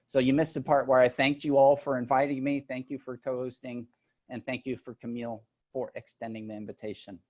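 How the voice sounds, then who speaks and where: A man's voice: medium pitch, little pitch movement, a little fast, few pauses, lo-fi sound. A man, an agile and leadership coach, presenting a webinar over a video call in a conversational way with joking asides. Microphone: computer mic on a video call.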